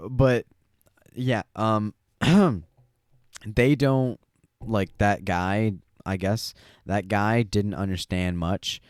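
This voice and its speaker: A man's voice: on the low side, a little mellow, clean tone, no echo, clean studio sound. A young man co-hosting a podcast, chatting casually and rambling with lots of fillers. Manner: rambling, frequent fillers and laughs. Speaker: podcast co-host. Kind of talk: casual chat.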